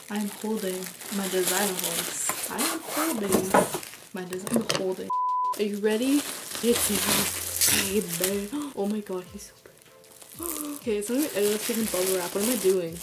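Excited woman gushing over an unboxing. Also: mid-range voice, very noisy. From Canada. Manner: gushing, breathless, talks to her pet and the camera. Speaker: vlogger. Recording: background music.

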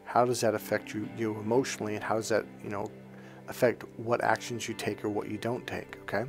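A man's voice: fairly low pitch, flat delivery, a little fast, gravelly, over music. A man teaching as a spiritual coach, talking casually, telling rambling stories and often checking in with "okay?". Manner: rambling anecdotal storytelling.

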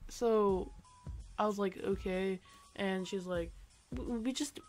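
Rambling teenage boy, halting story. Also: sits high, a little mellow, faint music behind. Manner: rambling, halting, lots of fillers. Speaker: vlogger. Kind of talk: casual storytelling to camera.

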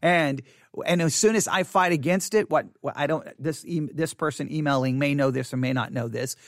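A middle-aged American pastor talks straight into a close podcast mic, his voice pitched high for a man. He comments bluntly on a listener's email and sounds plainly exasperated. The room is dead dry, with no echo at all. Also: moderate pace. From United States.

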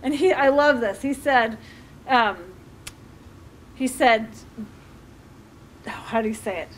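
Middle-aged lady coach talking to a group, high voice, lively, acts out little dialogues, faint room noise. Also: takes it slowly. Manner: animated, acts out parent-child dialogue. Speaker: life coach. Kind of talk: community talk with audience questions.

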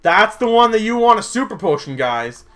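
Let's play host: man, playful and chatty, lively up-and-down delivery, crisp bright tone, faint game music underneath. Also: high voice, moderate pace. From Canada. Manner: playful, chatty, sings silly little ditties. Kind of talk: casual gameplay commentary.

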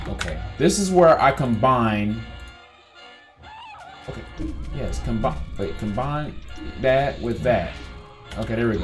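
A man's voice: on the high side, expressive, moderate pace. A man doing chatty let's-play commentary, talking straight to his viewers and yelping when something startles him. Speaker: gaming YouTuber. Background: game music.

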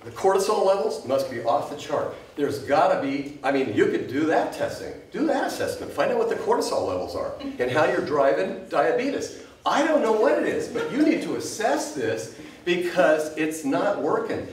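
A woman's voice: low-pitched, very animated, moderate pace, a little mellow, slight background noise. A woman teacher giving an impassioned, scolding public comment at a school board meeting. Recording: echoey room, distant mic.

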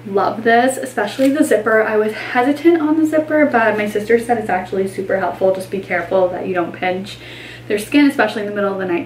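A woman's voice: medium pitch, echoey room, recorded from a distance, slight background noise, poor audio. A pregnant woman in her twenties, chatting casually in a vlog, gushing over baby clothes with lots of fillers. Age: 20s. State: pregnant, tired. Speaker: vlogger.

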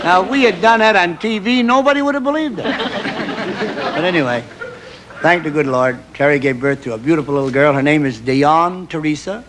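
A middle-aged man telling a folksy comic story as a stand-up monologue, stammering when excited. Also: fairly high pitch, moderate pace. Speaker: comedian guest. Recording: live TV audience, noisy old broadcast. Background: audience laughter.

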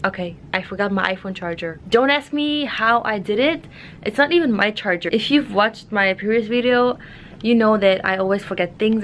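A woman's voice: mid-range voice, a bit bright, a little hiss or hum. A young woman working as a flight attendant, chatting casually in a rambling, giggly vlog style. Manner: chatty, rambling, laughs often.

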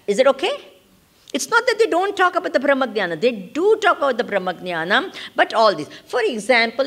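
A woman with an Indian accent giving a spiritual lesson on Vedanta. She often checks in with her listeners, switches into Hindi now and then, and laughs as she explains. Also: fairly high pitch. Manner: animated, laughs while explaining. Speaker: spiritual teacher. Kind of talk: Vedanta discourse.

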